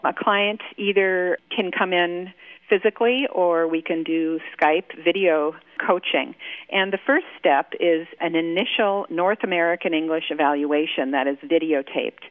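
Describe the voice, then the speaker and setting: A woman accent coach explaining pronunciation clearly as a guest on a radio interview, slowing down to demonstrate sounds. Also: on the low side, dry recording. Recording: tinny phone line.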